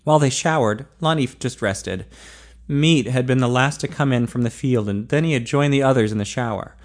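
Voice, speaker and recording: A man narrating an audiobook in a steady, measured way. His voice sits at an ordinary middle pitch, and he reads clearly and evenly.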